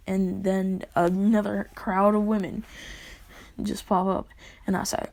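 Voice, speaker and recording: A woman's voice: mid-range voice, animated, takes it slowly, gravelly, long pauses, darkish tone. A woman telling a casual self-insert story, rambling and chuckling between lines. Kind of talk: casual fan-fiction storytelling.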